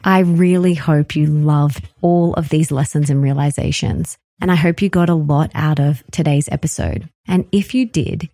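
A woman in her thirties hosting her own podcast, talking earnestly and effusively, repeating phrases and slowing down to stress them. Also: fairly low pitch, mellow, no room sound, studio quality. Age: 30s. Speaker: podcast host. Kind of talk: heartfelt solo podcast monologue.

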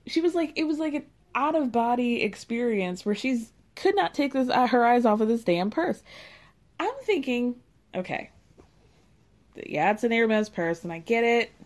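A woman's voice: on the high side, darkish tone. A woman hosting a casual recap, talking in a sarcastic, gossipy way with frequent laughs and whoops. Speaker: podcast host recapping a reality show.

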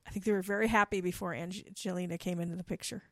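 A woman co-hosting a casual podcast, chatty and giggly, speeding up when excited. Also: fairly low pitch, very fast, no echo, studio quality. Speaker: podcast co-host. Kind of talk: casual chat.

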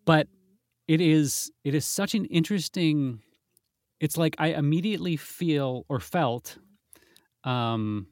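A man's voice: fairly high pitch, takes it slowly, pauses often, darkish tone, dry recording, clean studio sound. A man in casual podcast chat, telling a story with many asides and restarts, in a self-deprecating way. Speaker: podcast co-host.

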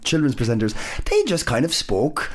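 An Irish man co-hosting a podcast in casual chat, halting and full of restarts. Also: mid-range voice. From Ireland. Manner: animated, halting, lots of restarts and fillers. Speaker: podcast co-host.

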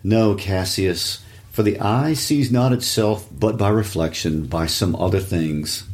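A man's voice: lowish voice, a little slow, darkish tone. A man reading the part of Brutus, a proud, wary Roman nobleman of about forty, in a plain reading of verse. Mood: earnest.

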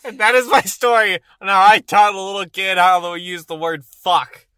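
A man's voice: high-pitched, normal speed, clean tone, no echo, studio quality. A man in his twenties from Texas, telling a story in a casual podcast chat, laughing often and acting out the voices in it. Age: 20s. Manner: laughing, animated storyteller who acts out voices. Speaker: podcast co-host. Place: in a car.

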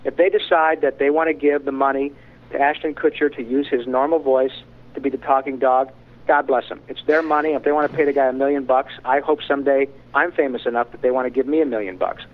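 A middle-aged voice actor telling frank, animated stories in an interview. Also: male voice, medium pitch, fast talker. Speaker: voice actor guest. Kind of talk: candid storytelling in conversation. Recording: tinny phone-like line.

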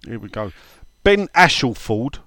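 A man's voice: mid-range voice, very animated, unhurried, bright, forceful tone, dry recording. A man hosting a casual podcast, reading out listener questions and telling funny stories with frequent laughter. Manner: chatty storyteller, laughs often. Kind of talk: casual chat.

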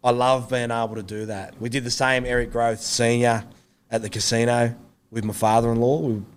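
A man in his thirties with an Australian accent, a former rugby league player telling rambling stories in a relaxed interview. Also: medium pitch, normal speed, a little hiss or hum. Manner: laid-back, rambling anecdotes with slang. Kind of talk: casual interview storytelling.

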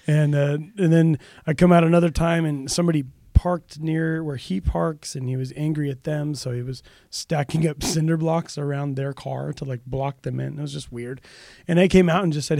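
Dark-voiced male pastor telling a story. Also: on the high side, a little fast, vocal fry, hardly any pauses, no room sound, studio quality. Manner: animated storyteller, raises voice for quoted dialogue. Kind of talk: casual storytelling in a podcast chat.

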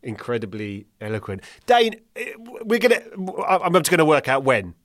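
A man co-hosting a podcast, speaking hesitantly with many fillers and trailing off quietly. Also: on the high side, very animated, fairly quick, dry recording, studio quality. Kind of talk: casual podcast conversation.

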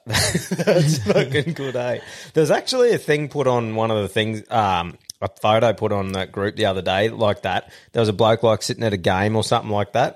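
Crude laughing Australian podcast bloke. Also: male voice, fairly low pitch. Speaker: podcast co-host. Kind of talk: casual banter.

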